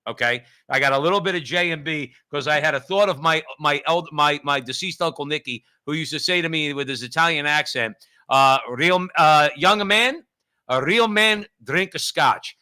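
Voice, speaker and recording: A man's voice: fairly high pitch, fairly quick, pushed and bright. A man co-hosting a political talk show, emphatic and chatty, often calling his co-host by name. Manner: emphatic, repeats listener's name, rambling asides.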